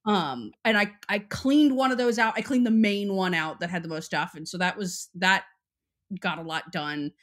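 Speaking at a moderate pace in a mid-range, slightly bright voice, a young woman from Texas co-hosts a podcast. She rambles through casual chat, saying "like" a lot.

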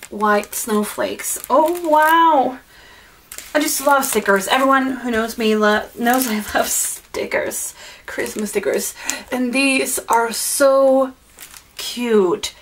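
Woman vlogger, unhurried and bubbly, fairly high voice, light hiss behind her, unboxing chat at home. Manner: gushing and excitable, with many fillers and apologies. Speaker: vlogger opening a gift swap package. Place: at home indoors, in the evening.

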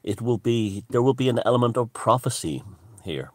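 A male vlogger speaks to camera in a mid-range voice with lively intonation, at normal speed, in clean, echo-free studio-quality audio. His casual monologue wanders and jokes, full of fillers and restarts.

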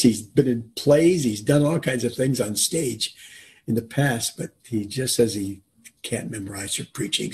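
A man's voice: mid-range voice, darkish tone. Earnest man hosting a video interview. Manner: earnest, repeats words while he talks. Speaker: interviewer, host. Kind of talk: casual talk to viewers and interview. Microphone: video call.

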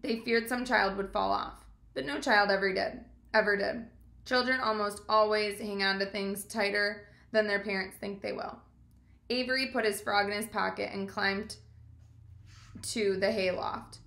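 Bright-voiced woman reading a storybook. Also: mid-range voice, gravelly, echoey room. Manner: calm, measured storytelling. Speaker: reader. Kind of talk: reading a children's book aloud.

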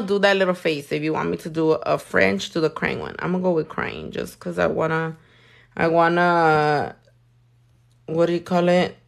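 Brassy woman in her thirties, lower pitch, salty livestream banter. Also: unhurried, vocal fry. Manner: sassy, swears a lot, mixes in Spanish. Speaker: nail artist livestreaming. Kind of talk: casual livestream chat while working.

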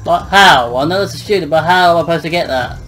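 Brief: young gamer, joky running commentary, slightly high voice. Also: male voice, quick pace, a bit bright, faint music behind, poor audio. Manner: joking, muttering and swearing at the game. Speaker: gameplay commentator. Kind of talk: casual let's-play commentary.

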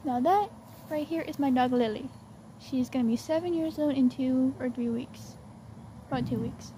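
A woman's voice: high-pitched, normal speed, background noise. A young woman, chatting to viewers in a casual home vlog. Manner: chatty, addresses viewers as y'all. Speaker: vlogger. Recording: loud music under the voice.

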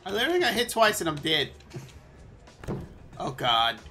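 Dude yelling at his game while streaming, voice swings wild, bright and sharp. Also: fairly high pitch, normal speed, soft background music. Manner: excitable, swears, yells at the game. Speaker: gaming streamer. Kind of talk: live gameplay commentary.

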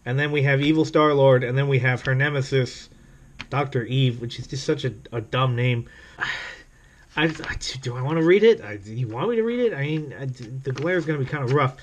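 A man's voice: medium pitch, normal speed. A man reviewing a comic book in casual video commentary, rambling and sarcastic, with many fillers and laughs.

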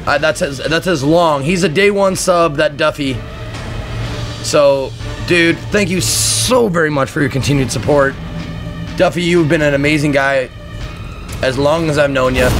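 A man streaming a game live, chatting excitably with crude outbursts at home, with faint game music behind him. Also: fairly high pitch, moderate pace, a faint crowd. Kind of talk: live gameplay commentary. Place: apartment room at home.

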